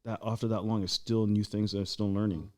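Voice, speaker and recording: A man chatting as a podcast guest, rambling with lots of restarts and fillers, getting animated as he tells stories. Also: on the low side, quick pace. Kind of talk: casual chat.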